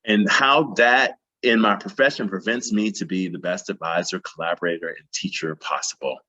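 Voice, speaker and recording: Deep, husky man giving an impassioned keynote. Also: moderate pace, bright, forceful tone, highs cut off. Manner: passionate, emphatic, repeats phrases for emphasis. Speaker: plenary speaker. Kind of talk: conference keynote talk.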